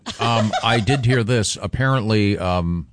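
A man's voice: fairly low pitch, a little slow, a loud crowd. A man hosting a radio show, telling self-mocking stories with laughs in casual studio banter.

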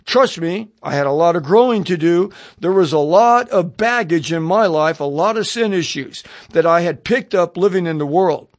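A man giving a radio sermon as a personal testimony, telling his story in a lively way, acting out his own thoughts, and putting questions straight to the listener. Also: high voice, normal speed, few pauses, no echo. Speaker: preacher.

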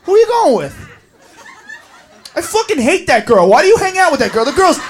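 Comedian doing a jealous sneering boyfriend, lower voice, rowdy club room. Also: very animated, brisk, exaggerated voice. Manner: sneering, bitter. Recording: live club stage, audience noise.

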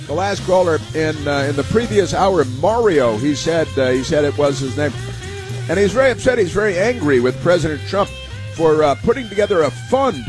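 A man's voice: fairly high pitch, expressive, moderate pace, over music. A man hosting a political talk radio show, rambling through long monologues full of "uh" fillers and sarcastic asides. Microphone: studio microphone.

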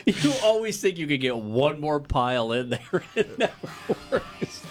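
A man's voice: a little high, big pitch swings, unhurried. A middle-aged man co-hosting a morning radio show, telling rambling, self-deprecating stories and laughing often. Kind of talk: casual morning radio banter.

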